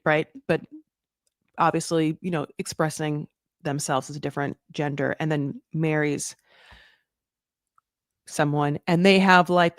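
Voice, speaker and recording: Woman host, casual chat, rambling, self-correcting, low-ish voice, dry sound. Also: no room sound. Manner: animated with sudden high jumps in pitch. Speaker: recap show host.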